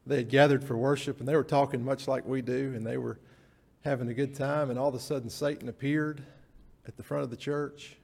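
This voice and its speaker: Gravelly pastor in a church. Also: male voice, medium pitch, fairly even intonation, a little fast, a little mellow. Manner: folksy, storytelling with frequent restarts. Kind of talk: sermon. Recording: church hall reverb.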